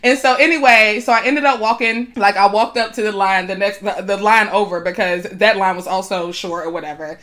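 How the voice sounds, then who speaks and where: A young woman co-hosting a podcast, telling a story in casual chat, animated and emphatic, often laughing between phrases. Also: mid-range voice, a little fast, hardly any pauses. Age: young adult. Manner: animated, emphatic, swings loud when retelling confrontations.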